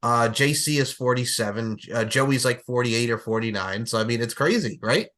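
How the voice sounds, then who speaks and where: Excitable middle-aged man hosting a chat. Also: mid-range voice, normal speed. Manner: excitable, swears, laughs often. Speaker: podcast host. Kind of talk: casual chat.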